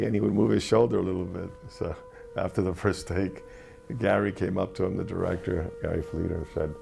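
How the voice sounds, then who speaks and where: Interviewed actor, male, gravelly and dark-toned, halting reflective anecdotes. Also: deep voice, little pitch movement, faint music behind. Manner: reflective, halting storytelling with restarts.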